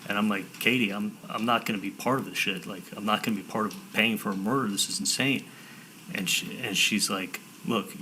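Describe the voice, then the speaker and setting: Bright-voiced man testifying in court. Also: on the low side, slight background noise, low-quality recording. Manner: halting, repeats words and restarts, retells quotes with "I'm like". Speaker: defendant testifying.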